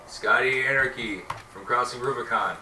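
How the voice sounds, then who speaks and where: A man's voice: mid-range voice, moderate pace, sharp tone. A man co-hosting a podcast, joking crudely in casual banter, recorded off-mic in a room. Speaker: podcast co-host. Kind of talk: casual chat. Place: room at home. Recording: echoey room, distant mic, noisy.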